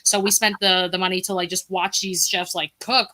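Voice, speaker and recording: A woman's voice: lowish voice, level tone, moderate pace, sharp tone. A woman from Brooklyn, a guest on a live-streamed talk show, chatting in a rambling way with lots of filler words over a video call. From Brooklyn, New York.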